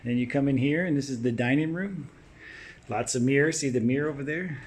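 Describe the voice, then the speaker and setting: A man's voice: mid-range voice, a little fast, slight background noise. A man narrating a casual walkthrough of a house as he films it, pointing things out as he walks from room to room. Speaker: house tour vlogger. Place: inside a large house.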